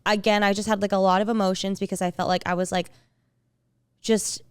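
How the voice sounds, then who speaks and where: Smooth-voiced woman rambling on a podcast. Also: medium pitch, flat delivery, fairly quick, no echo. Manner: rambling, full of "like" and restarts. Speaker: podcast co-host. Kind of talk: casual chat.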